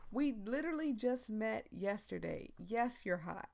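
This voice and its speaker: A woman's voice: on the high side, lively intonation, measured pace, creaky, hardly any pauses, warm tone. A woman gaming streamer giving playful, giggly commentary over a let's play.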